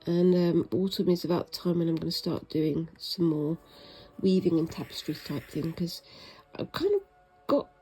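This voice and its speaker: A British craft vlogger chats casually while stitching a project, her somewhat low, husky voice moving at a normal speed over poor audio. She rambles a little, pokes fun at herself, and sometimes goes soft-spoken.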